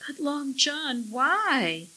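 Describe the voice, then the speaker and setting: A woman's voice: very animated, slow, sharp tone, exaggerated voice, low-quality recording. A woman voicing a frightened, tearful young woman pleading in distress. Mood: distraught. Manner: high, pleading.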